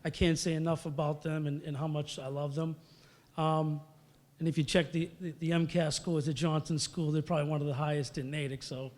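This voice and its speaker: A middle-aged man gives an acceptance speech in a banquet hall. His voice sits slightly high, and he tells stories in a loose, conversational way, full of fillers and acted-out quotes. The recording carries a long hall reverb. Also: flat delivery, brisk, darkish tone, slight background noise. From Massachusetts. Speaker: hall of fame inductee.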